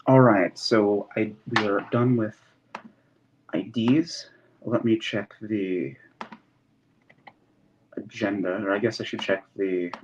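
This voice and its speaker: A man from Indiana chairing an online committee meeting, calling on members politely and procedurally with frequent ums. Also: lowish voice. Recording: dull lo-fi call audio with faint hiss.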